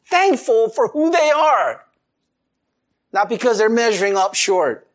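Male pastor, sermon delivery; very lively, expressive pitch, emphatic, drops to quiet asides. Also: unhurried. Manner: animated, chuckling, swings between loud emphasis and soft low asides.

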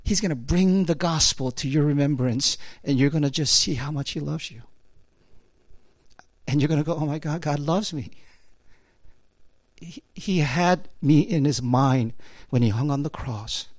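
A middle-aged male preacher with a slightly high voice, talking to his congregation like a friend. He keeps checking in with "right?" and "you know", and his voice climbs and gets louder when he makes a point. The recording is dry and close to the mic. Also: normal speed, no echo. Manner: conversational, peppers talk with "right?" and "you know"; animated, swings high and loud when emphatic. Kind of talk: sermon.

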